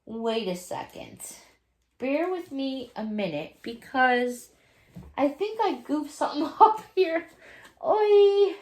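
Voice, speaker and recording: A middle-aged woman chatting casually to camera as a YouTuber opening fan mail, effusive and full of thanks and exclamations. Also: high voice.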